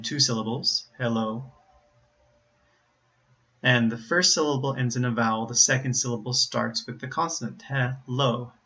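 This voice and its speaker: A man's voice: mid-range voice, sharp tone, muffled recording. Careful American man teaching pronunciation. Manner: slow, careful, repeats example words. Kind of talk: explaining pronunciation to learners.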